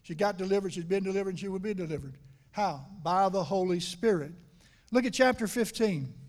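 A middle-aged pastor preaches from the pulpit in a fairly high voice. He talks with his congregation like a conversation, asking them questions. His volume rises to loud emphasis and falls back to near-whispered confiding. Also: animated, brisk. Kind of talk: sermon. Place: church sanctuary.

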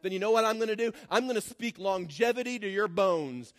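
A man preaching a sermon as pastor, swinging from shouted declarations to low, mocking asides. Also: brisk, few pauses, no echo, clean studio sound. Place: church.

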